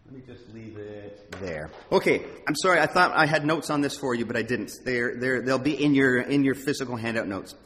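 A man preaching a sermon as pastor, emphatic and animated, with halting restarts. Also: medium pitch. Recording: long hall reverb.

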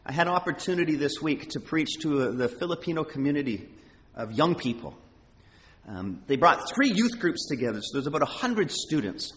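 A man preaching a sermon as pastor, emphatic and animated, with halting restarts. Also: on the high side. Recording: long hall reverb.

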